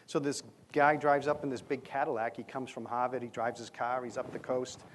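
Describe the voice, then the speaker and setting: A man's voice: medium pitch, flat delivery, brisk, a little hiss or hum. Chatty man presenting on stage. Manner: conversational, many fillers and restarts, light humor. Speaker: conference presenter. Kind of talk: conference presentation. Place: stage under bright lights.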